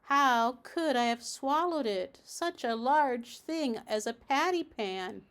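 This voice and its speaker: A high, anxious lady dog who frets and wails at every worry, as a woman reading a storybook puts her on. her voice climbs well above the narration and swells louder when she panics. a storybook figure, polite on the surface and dramatic underneath. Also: lively intonation, slow. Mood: mournful.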